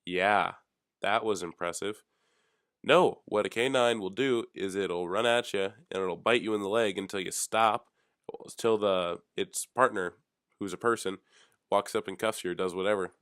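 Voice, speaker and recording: A young man hosting a solo talk show, rambling through offhand, deadpan, jokey musings. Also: lowish voice, moderate pace, no echo, clean studio sound. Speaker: podcast host.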